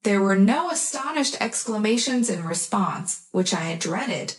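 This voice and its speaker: A woman reads a romantic story aloud as scripted narration. Her delivery is soft and even, and she takes her time over each phrase, at a slow, measured pace. Her pitch sits in a middle range for a woman.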